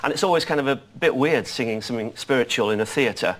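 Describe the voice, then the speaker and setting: A man's voice: medium pitch, fast talker. A man in his forties, a guest singer chatting casually and joking at his own expense on a daytime TV panel. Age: 40s. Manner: chatty and self-deprecating, jokey. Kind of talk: casual chat. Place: TV studio with audience. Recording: TV studio with live audience and background noise.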